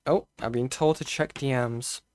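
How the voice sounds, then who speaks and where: A man in a casual live-stream commentary, talking to his chat as he reads through things on screen. His voice sits in an ordinary middle pitch and is recorded dry and close, with no room sound. He thinks aloud, stalls on restarts and keeps coming back to "okay". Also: steady tone, darkish tone, dry recording. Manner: halting, thinking aloud with restarts and frequent okays. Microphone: close desk mic.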